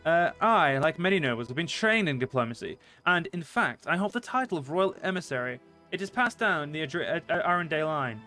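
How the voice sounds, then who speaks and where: A man's voice: on the high side, sing-song, a little fast, hardly any pauses, sharp tone, soft background music. A man reading the lines of a smug young noble diplomat from a game. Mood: wry.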